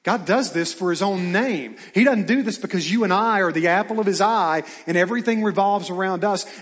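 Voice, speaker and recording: A man's voice: high-pitched, brisk, a bit bright, long reverb tail. A man preaching a sermon, asking rhetorical questions and reading scripture aloud. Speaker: pastor.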